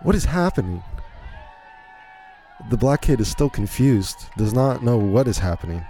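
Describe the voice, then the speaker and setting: A man's voice: medium pitch, animated, normal speed, warm tone, a faint crowd. A man hosting a podcast, giving incredulous, rambling play-by-play commentary on a video in a casual way. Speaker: podcast host.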